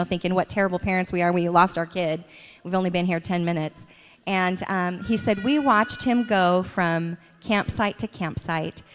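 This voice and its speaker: Laughing mother telling family stories, church hall. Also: mid-range voice. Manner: warm storytelling with frequent laughs. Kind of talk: church stage interview, storytelling. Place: church sanctuary. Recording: long reverb of a church hall.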